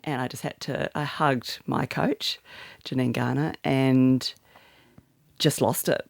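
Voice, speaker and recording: Gravelly middle-aged woman, candid. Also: a bass voice, dry recording, studio quality. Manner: open, reflective, emotional storytelling. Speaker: guest author. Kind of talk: candid interview conversation.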